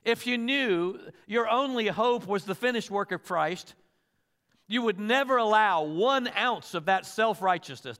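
High, bright-voiced preacher man. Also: in a large hall. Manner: earnest preaching, rhetorical questions, quotes voices of others. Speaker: pastor. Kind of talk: sermon.

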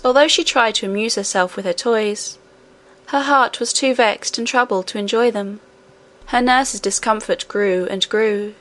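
A woman narrating a classic children's fantasy novel in a calm, measured way. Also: medium pitch. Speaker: audiobook narrator.

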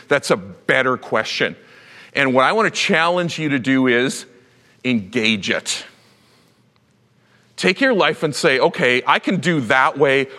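A male pastor preaching a sermon, telling a Bible story with lively acted-out voices. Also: on the high side, in a large hall. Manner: animated storytelling, acts out Bible characters.

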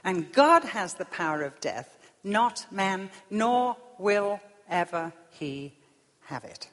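A woman preaching a sermon, swinging from loud emphasis down to hushed whispers. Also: mid-range voice, big pitch swings, slow. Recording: long reverb of a large hall.

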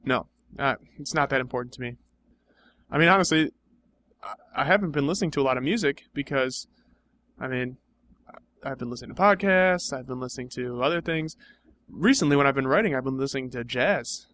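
A man's voice: mid-range voice, fairly quick, fairly bright tone. A young man in improvised comedy banter, dry, skeptical and argumentative.

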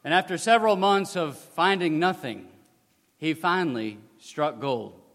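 A man preaching a sermon as dramatic storytelling, swinging from loud to hushed, with a long hall reverb. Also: on the high side, measured pace.

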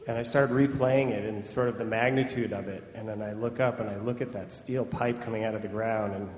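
Lively man telling a story in an echoey hall. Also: on the low side, fairly quick. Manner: lively, laughing often, with vivid detail. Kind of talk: personal story told to an audience. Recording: echoey hall playback with faint ambience.

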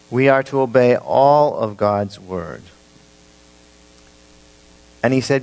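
A male pastor preaching an emphatic sermon to his congregation, swinging between loud declarations and hushed, slow emphasis. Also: mid-range voice, animated, vocal fry, low-quality recording.

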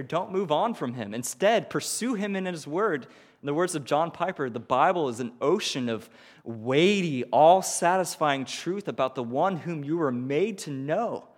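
A man preaching a sermon as pastor, animated and questioning, with quick rhetorical asides. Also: a little high, big-room sound.

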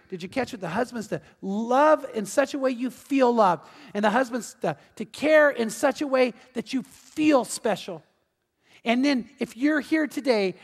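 A middle-aged man preaches a sermon, earnest and heartfelt, telling stories with acted-out voices. His voice sits high for a man. The sound carries the long reverb of a church hall. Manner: storytelling, acting out voices in anecdotes. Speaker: pastor.

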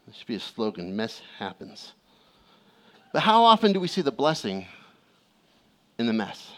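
A middle-aged male pastor preaching a sermon, telling a family story with lively acted-out voices and calls for amens. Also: mid-range voice, moderate pace.

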